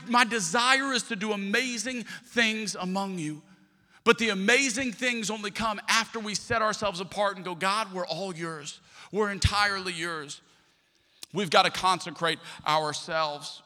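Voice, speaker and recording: Bright-voiced pastor preaching in a hall. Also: male voice, high-pitched. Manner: storytelling, acts out quoted voices. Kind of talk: sermon. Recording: long hall reverb.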